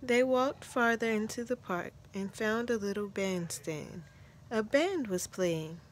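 A woman reading a children's story aloud in a gentle, measured storytelling manner. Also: mid-range voice, animated, a little hiss or hum. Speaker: storybook narrator.

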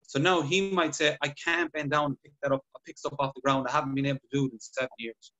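Man, slightly high voice, casual podcast chat, acts out dialogue. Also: quick pace, highs cut off. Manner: animated storytelling, acts out patient dialogue. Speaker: podcast guest clinician.

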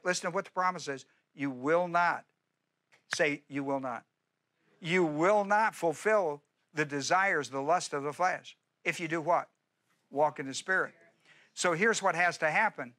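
A man's voice: fairly high pitch, pushed and bright. A middle-aged male pastor preaching a sermon in an emphatic, repetitive style, often asking the congregation questions.

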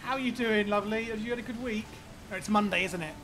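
A man live-streaming a game, chatting casually with viewers in an excitable, rambling way, often stammering and repeating words. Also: high voice, fast talker.

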